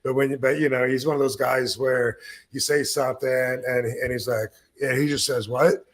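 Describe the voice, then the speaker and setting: A man's voice: medium pitch, steady tone, normal speed, slight background noise. A man in his fifties hosting a podcast, telling a rambling, profane, self-deprecating story in casual talk. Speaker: podcast host.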